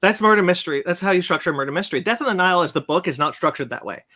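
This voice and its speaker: A man's voice: high-pitched, very fast, bright, forceful tone. A man hosting a casual podcast chat, ranting animatedly and swearing as he recaps a film. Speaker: podcast host.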